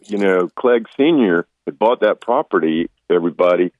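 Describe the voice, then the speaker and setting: An easygoing man co-hosting a fishing podcast, with a low voice that swings up and down as he tells stories. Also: expressive, moderate pace, darkish tone, no echo, dull audio. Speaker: podcast co-host. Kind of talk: casual chat.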